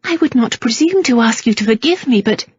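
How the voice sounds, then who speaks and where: A woman reading an audiobook and voicing a remorseful young gentlewoman who speaks softly and humbly. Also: on the high side, animated, brisk, breathy edge, dry recording, dull audio, pitched above the performer's own voice. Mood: contrite. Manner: soft, humble, earnest.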